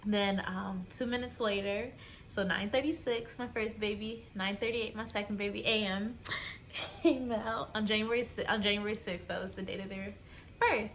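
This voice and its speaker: A woman's voice: medium pitch, fairly even intonation, moderate pace, fairly bright tone, slight background noise. A young woman vlogging, telling a personal story in a chatty, emotional way and speaking straight to her viewers. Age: young adult. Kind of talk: casual storytelling to camera.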